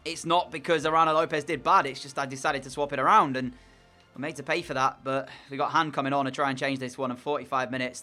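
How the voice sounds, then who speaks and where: A man's voice: fairly high pitch, bright, forceful tone. A man giving casual commentary over his own football video game, frustrated and groaning at mistakes. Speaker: gaming commentator.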